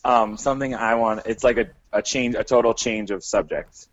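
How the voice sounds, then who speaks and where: A man co-hosting a podcast, chatting in a relaxed way and setting up a hypothetical question. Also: medium pitch, moderate pace, dry recording. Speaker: podcast co-host. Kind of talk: casual chat. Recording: dull, dry lo-fi sound.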